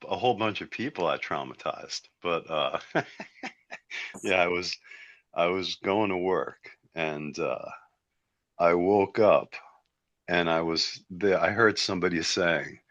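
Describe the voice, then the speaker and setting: A man's voice: sits low, a little slow, pauses often, fairly bright tone, dry recording, highs cut off. A man telling a story in a casual podcast chat, laughing and mocking himself as he goes.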